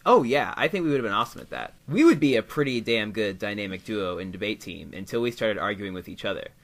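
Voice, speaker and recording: A man's voice: lowish voice, animated, fast talker. A man co-hosting a podcast, chatting casually about a TV episode with a lot of laughter and hesitant fillers. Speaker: podcast co-host. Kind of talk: casual chat recapping a TV episode.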